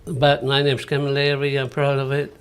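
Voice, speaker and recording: A man's voice: medium pitch, monotone, moderate pace, smooth. An older man from Malta with a Maltese accent, a singer and entertainer recounting stories in a casual radio interview. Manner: storytelling, acting out quoted dialogue.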